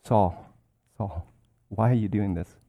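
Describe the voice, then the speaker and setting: Man putting on gentle humble lord figure, hushed pleading tone, dark mellow voice, sermon retelling. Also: on the low side, slow pace, creaky, dry recording, studio quality, voice pushed down, full character voice. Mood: gently pleading.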